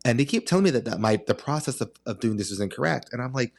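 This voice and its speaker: A man's voice: medium pitch, quick pace, vocal fry. A man hosting a podcast, telling a long story in a casual, dramatic way and acting out the exchanges. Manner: animated, dramatic storyteller who acts out exchanges. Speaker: podcast host.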